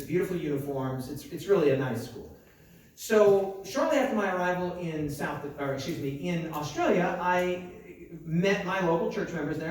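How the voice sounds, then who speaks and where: A young American pastor with a fairly high voice, preaching through funny stories and playing the people in them. He sounds far from the microphone in a big, heavily echoing hall. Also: a little mellow, a little hiss or hum. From United States. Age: young adult. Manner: chatty and self-mocking, with asides and acted-out dialogue. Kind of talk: storytelling conference sermon. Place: large conference hall. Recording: very echoey hall, mic far off.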